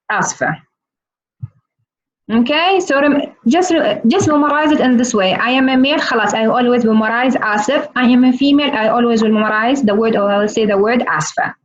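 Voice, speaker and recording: A woman teaching a live online lesson over a video call, playful and teasing, repeating words slowly. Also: fairly high pitch. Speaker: Arabic teacher. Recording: muffled video call audio.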